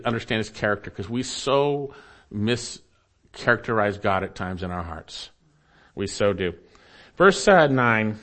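A male pastor in the middle of a sermon, reading scripture and circling back to repeat his points with earnest emphasis. His voice sits at an ordinary middle pitch for a man. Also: fairly bright tone. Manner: earnest preaching, repeats key phrases, reads scripture aloud.

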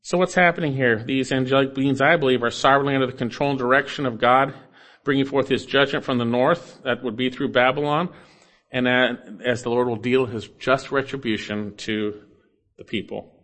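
Male pastor, expository sermon, earnest delivery with loud peaks and quiet drops. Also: steady tone, normal speed. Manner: earnest preaching, rising loud on scripture quotes then dropping low.

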